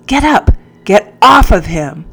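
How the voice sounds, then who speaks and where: A woman's voice: deep voice, slow pace. A woman voicing a furious male army captain who screams and barks orders in a hysterical rage.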